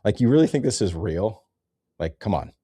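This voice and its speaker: A man's voice: lowish voice, expressive, moderate pace, dark tone, husky, no echo. A man ranting in a sarcastic, rambling comedy commentary, cursing often.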